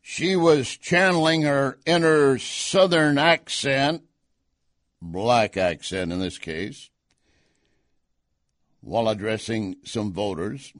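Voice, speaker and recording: Male talk host, mid-pitched, emphatic and conversational, dry close studio sound. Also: takes it slowly, long pauses, fairly bright tone, no room sound. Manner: conversational, emphatic, rising on key points. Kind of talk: political commentary.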